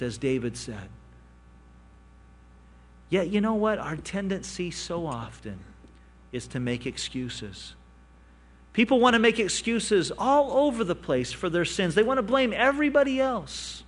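A male pastor delivering a sermon, animated in his storytelling, rising for emphasis and dropping to quiet asides. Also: high-pitched, unhurried, long pauses.

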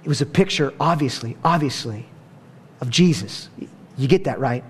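A middle-aged man preaching a sermon, animated, swinging between hushed and loud, with playful asides. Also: mid-range voice, moderate pace, a little hiss or hum. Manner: playful asides and self-mocking humor. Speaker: pastor.

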